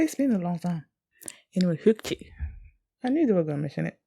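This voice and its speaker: A woman's voice: fairly low pitch, expressive, brisk, gravelly, long pauses, dark tone, dry recording. A woman reading a manga aloud and reacting as she goes, bursting into squeals and giggles.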